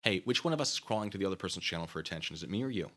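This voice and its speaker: Male host, taunting and sarcastic, with a bright, animated delivery. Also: deep voice, very fast. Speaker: channel host. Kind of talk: ranting commentary to camera.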